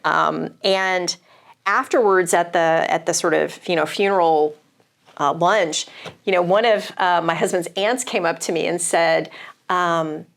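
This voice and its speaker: A woman from the American South, an English professor, talking in a relaxed discussion with many fillers and restarts. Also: fairly low pitch, measured pace, creaky. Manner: thoughtful, hesitant with fillers and restarts. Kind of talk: casual discussion.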